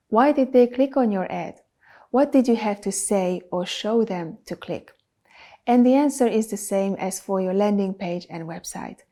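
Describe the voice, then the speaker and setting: A woman who is not a native English speaker hosts a business advice talk to camera, producing videos for clients. She speaks emphatically and lists items in a steady rhythm. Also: medium pitch. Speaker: video producer and channel host.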